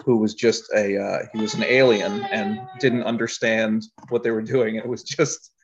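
Husky-voiced man, lo-fi audio. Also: fairly low pitch, level tone, normal speed. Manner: rambling storyteller, laughs often. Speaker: filmmaker guest. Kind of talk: casual interview chat. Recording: dull lo-fi audio.

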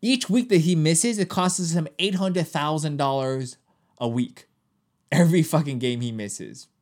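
A man co-hosting a casual podcast chat, animated and profane, laughing often and jumping up in pitch when he acts out what people say. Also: a little slow. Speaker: podcast co-host. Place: Los Angeles.

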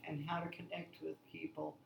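A woman in her sixties, a lively storyteller who laughs often, chatting as a guest. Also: deep voice, moderate pace, vocal fry, roomy sound, a little hiss or hum, rough recording. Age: 60s. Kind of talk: casual conversation.

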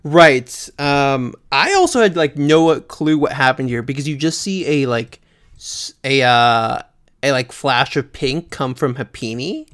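A man co-hosting a podcast in casual chat, chatty, filling pauses with ums and often laughing. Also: mid-range voice, expressive, fairly bright tone. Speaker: podcast co-host.

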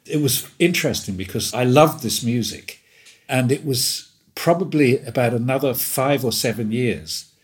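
Here the elderly English guest, in his seventies, uses a medium-pitched, expressive voice at normal speed. He's chatting casually, spinning meandering stories with amusement and plenty of laughs.

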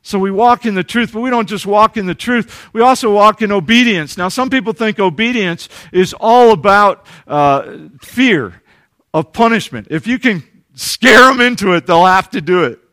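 A male pastor with a high voice preaches with earnest conviction. He swings from lively emphasis to hushed, tender passages. His voice sounds dry and close, with no room around it. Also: normal speed, no room sound. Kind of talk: sermon.

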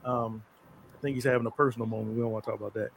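Man hosting a relaxed live show. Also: mid-range voice, racing, creaky, a little hiss or hum. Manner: loose, rambling, with fillers and shout-outs. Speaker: podcast host. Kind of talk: casual live show talk.

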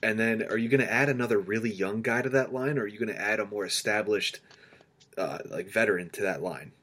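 Low-voiced man telling a lively story. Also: fairly quick. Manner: animated storyteller, acts out quotes. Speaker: podcast co-host. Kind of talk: casual sports chat.

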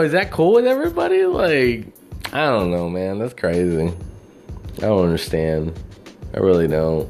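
Guy rambling slow to the camera, cussing a lot, middle voice, quiet music under it. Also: mid-range voice. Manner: profane, meandering, full of fillers. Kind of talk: casual rambling monologue.

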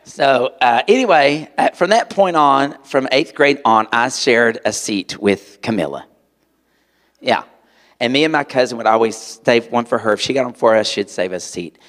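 A man preaching to a live audience, telling a personal story in an animated way and acting out voices. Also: medium pitch, moderate pace. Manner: animated, acts out voices, sudden loud outbursts. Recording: long hall reverb.

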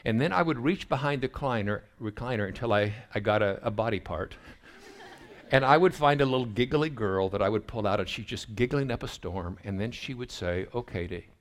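A middle-aged pastor tells family stories in a sermon, acting out the dialogue in a lively storytelling way. His voice is medium-pitched and brisk.

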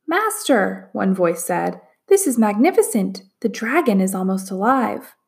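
A woman's voice: medium pitch, sing-song, a little slow, creaky. A woman voicing an eager, deferential young male apprentice in a storybook reading.

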